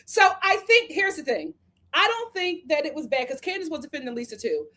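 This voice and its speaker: A woman's voice: high voice, very animated, a little fast, sharp tone. A woman hosting a live review of a reality show, talking casually and acting out the cast members' lines as she recaps.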